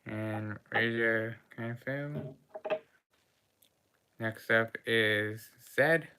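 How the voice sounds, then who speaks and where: A woman running a tabletop game as game master, narrating the party's dice rolls and actions in a halting way with frequent pauses. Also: rumbling low, background noise.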